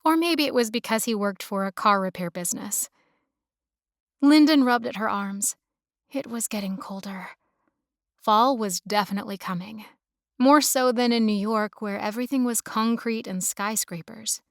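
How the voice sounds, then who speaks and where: A woman narrating a romance audiobook in a steady, even storytelling manner. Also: fairly high pitch, normal speed, no echo, clean studio sound.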